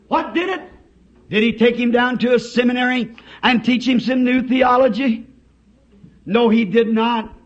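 Impassioned high-voiced revival preacher, lo-fi tape. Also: male voice, measured pace. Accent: Southern United States. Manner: impassioned, swings from shouting to hushed. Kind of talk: old-time revival sermon. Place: church service. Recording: dull lo-fi sermon tape.

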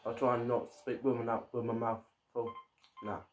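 A man's voice: mid-range voice, monotone, moderate pace, soft background music. A man giving casual let's-play commentary as a gaming YouTuber, often stumbling and repeating his words.

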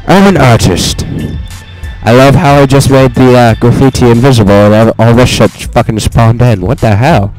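A young man giving profane, excitable let's play commentary, talking to himself as he plays. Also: medium pitch, normal speed, soft background music. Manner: profane, excitable, talks to himself while playing.

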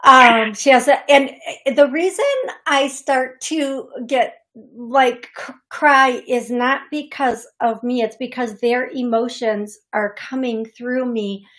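A woman who hosts a psychic medium radio show, talking chattily and with feeling to a caller, often pausing with fillers. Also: on the high side. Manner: chatty, emotional, warm-hearted, uses fillers. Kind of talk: call-in reading on radio. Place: radio studio.

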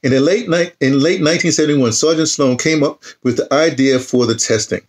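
A man's voice: a little high, brisk. A man in his sixties reads an old newspaper article aloud, breaking off into rambling asides and restarts. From United States. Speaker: YouTube channel host. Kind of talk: casual reading and commentary.

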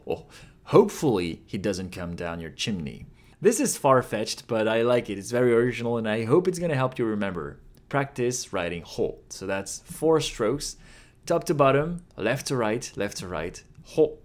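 A man teaching Japanese writing in a playful, scripted lesson, drawing out example sounds. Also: lowish voice. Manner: playful, with drawn-out demo pronunciations.

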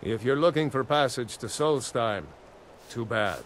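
A man's voice: mid-range voice, measured pace, slight background noise, close to an everyday voice. An actor playing a weary, reluctant ship captain in a video game, firm in his refusals.

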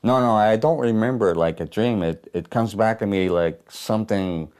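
A man's voice: on the low side, normal speed, darkish tone, close to an everyday voice. A man playing a bitter, haunted old working-class war veteran who talks coarse, profane and ungrammatical in a theatrical stage monologue. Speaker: stage performer in a one-man play.

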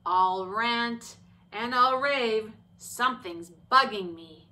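A woman's voice: a little high, slow pace, pushed and bright. A woman voicing a grumpy little feeling puppet. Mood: grumbling. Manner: grumbling, ranting.

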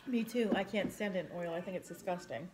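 A woman's voice: on the low side, fast, a little mellow, a little hiss or hum. A woman from New York with a noticeable New York accent, co-hosting a casual food livestream and chatting about food with firm opinions. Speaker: co-host. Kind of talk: casual chat while eating.

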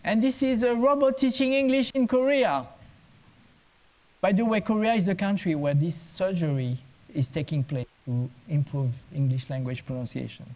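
Man, high voice, conference talk, education consultant, anecdotal, humorous, small restarts. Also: steady tone, normal speed, a little mellow, poor audio. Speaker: guest speaker, education consultant.

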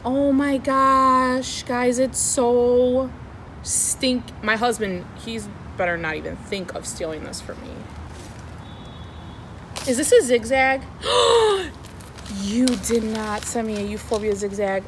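A woman's voice: mid-range voice, big pitch swings, a little slow. A young adult woman vlogging outdoors, gushing and squealing with delight as she unboxes plants. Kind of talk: excited unboxing vlog. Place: outdoors in the wind. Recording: wind noise on outdoor mic.

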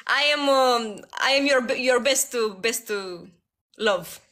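A woman's voice: fairly high pitch, slow, a bit bright. A woman hosting a live stream, chatting playfully, teasing and reassuring her guest, and laughing often.

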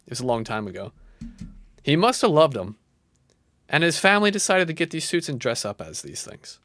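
A man in his thirties gives casual live reaction commentary. He is excitable and swings from loud outbursts to low muttering. His pitch moves a lot, and the sound is dry and close. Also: a little fast, no room sound. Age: 30s. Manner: excitable, jumps between shouting and muttering. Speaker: live streamer.

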